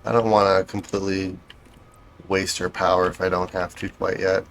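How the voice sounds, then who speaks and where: Low-voiced man narrating his gameplay. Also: level tone, moderate pace, creaky, fairly bright tone, slight background noise. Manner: thinking aloud, self-correcting, dryly sarcastic. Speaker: game streamer. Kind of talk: casual gameplay commentary.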